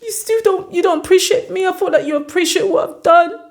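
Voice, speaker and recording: A woman's voice: lowish voice, flat delivery, moderate pace, voice pushed down, close to an everyday voice. A woman voicing a tearful young man who protests through sobs that he has done enough. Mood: crying, pleading. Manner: whiny, sobbing protests. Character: tearful young man pleading with his partner.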